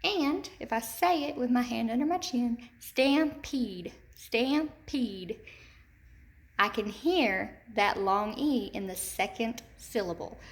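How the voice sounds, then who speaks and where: A woman teacher giving a slow, deliberate phonics lesson to young children, repeating each word and checking in with "okay?". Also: on the high side. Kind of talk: recorded remote phonics lesson.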